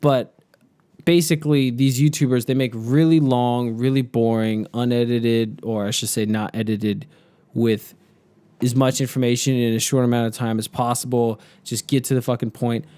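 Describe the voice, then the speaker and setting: A man in his thirties co-hosting a casual podcast chat, blunt and quick to swear. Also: medium pitch, little pitch movement, mellow, smooth, no echo. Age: 30s. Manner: blunt, swears freely, mocks slow talkers. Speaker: podcast co-host.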